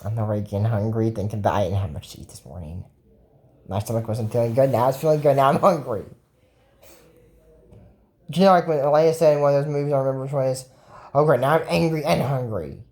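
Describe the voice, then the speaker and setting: Low-voiced woman rambling through a cartoon recap. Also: fast, long pauses, warm tone. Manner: rambling, chatty, quotes the characters as she retells. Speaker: video commentator. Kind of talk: casual episode recap.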